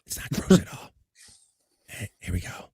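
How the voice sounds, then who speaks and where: A man's voice: normal speed, warm tone. A man hosting a casual livestream, joking, laughing often and reading chat comments aloud. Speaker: livestream host.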